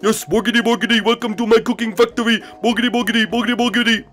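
A woman's voice: a little high, steady tone, rapid-fire, a bit bright, soft background music, pitched above the performer's own voice, natural voice. A woman voicing a goofy male TV chef who babbles a sing-song nonsense catchphrase. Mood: cheery.

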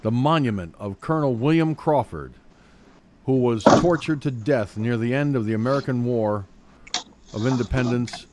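A man's voice: mid-range voice, background noise. Male news commentator, reads straight then goes off on angry profane rants.

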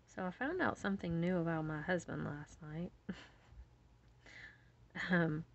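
A woman's voice: fairly low pitch, a little slow, gravelly, highs cut off. A middle-aged woman from West Virginia, casually telling a story while beading, laughing often and acting out her own shrieks. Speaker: jewelry-making video host. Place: home bead room.

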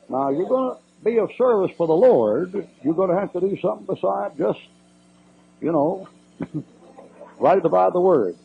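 A man's voice: high voice, lively intonation, moderate pace, creaky. An older man, a preacher answering questions in a church Q&A, folksy, blunt and emphatic with joking asides, on a muffled old cassette recording.

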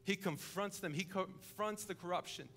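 Man preaching with lively storytelling. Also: sits high, normal speed. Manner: vivid storytelling, acting out the characters; swings between hushed and emphatic. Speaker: college and young adult coordinator preaching. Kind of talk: sermon. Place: church service, live-streamed.

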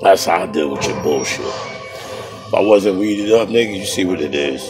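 A man's voice: deep voice, animated, normal speed, music in the background. A man streaming a game and trading profane, boastful taunts, breaking into laughter at his own jokes. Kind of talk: trash-talking commentary over a game.

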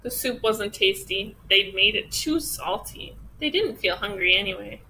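A woman teacher reading a children's picture book aloud with expressive storytelling. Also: medium pitch, a little slow, a little hiss or hum, low-quality recording.

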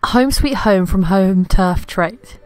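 A woman's voice: mid-range voice, slow pace, no echo. A young woman casually commenting on her life-simulation game, giggling and talking to her characters. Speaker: gaming YouTuber. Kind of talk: casual Let's Play commentary. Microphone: desktop USB mic. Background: faint game music.

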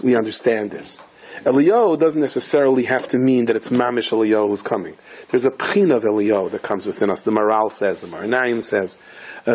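Rabbi, male, husky mid-pitched voice, chatty storytelling sermon. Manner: animated, conversational, with Yiddish and Hebrew terms.

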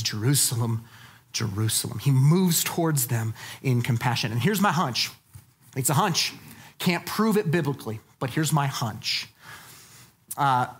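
A woman pastor delivering a sermon, lively and dynamic, dropping to low, soft tones for emphasis.

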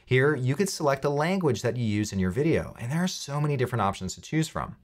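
A man hosting a software tutorial, walking through steps in an upbeat, explaining way with light jokes. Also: mid-range voice, expressive, fast talker. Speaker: tutorial host.

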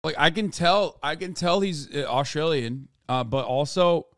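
A man's voice: a little high, unhurried, a bit bright, no room sound, clean studio sound. A man streaming reactions to a video, with blunt, joking commentary and plenty of swearing.

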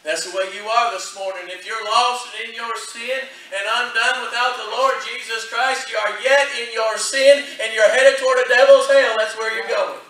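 A man preaching a fervent sermon as a visiting missionary, with a repetitive cadence and drawn-out phrases, recorded in a church. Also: extremely high pitch, steady tone, bright, forceful tone. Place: church sanctuary. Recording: echoey church from a distant mic.

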